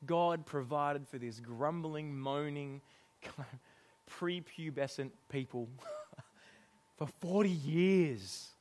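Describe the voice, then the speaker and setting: A middle-aged man delivers a sermon in a fairly high voice. He preaches in an animated way, laughing often and acting out exasperated lines. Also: extremely slow.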